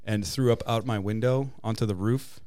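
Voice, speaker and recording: A man's voice: lowish voice, normal speed, crowd noise. A man in casual podcast chat who tells rambling stories, laughs often and swears freely.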